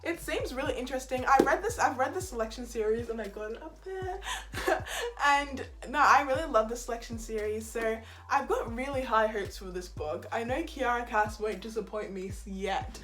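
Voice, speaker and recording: A woman's voice: on the high side, animated, moderate pace. A woman chatting casually to camera as a book vlogger, bubbly and often giggling at her own jokes.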